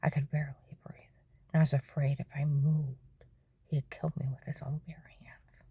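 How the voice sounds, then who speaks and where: A woman's voice: deep voice, flat delivery, moderate pace, breathy edge, dry recording, highs cut off. A middle-aged woman telling her own story in a testimony monologue, keeps asking "okay?" and often drops into a whisper.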